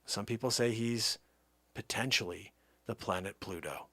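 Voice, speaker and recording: A middle-aged man making a comedic prank phone call, rambling and exasperated, swinging between low mutters and loud outbursts. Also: moderate pace, dry recording. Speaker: prank caller.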